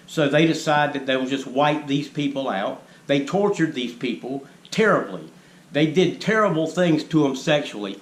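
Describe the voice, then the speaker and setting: A man giving a preachy monologue, lecturing the viewers and firing rhetorical questions at them. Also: medium pitch. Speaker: vlogger. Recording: echoey room with faint ambient noise.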